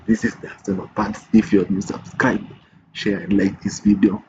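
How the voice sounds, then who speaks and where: Deep-voiced euphoric football fan host. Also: male voice, wildly swooping pitch, moderate pace, gravelly, muffled recording, background noise. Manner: euphoric, repeats phrases like chants. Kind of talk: excited fan reaction vlog. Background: music playing under the voice.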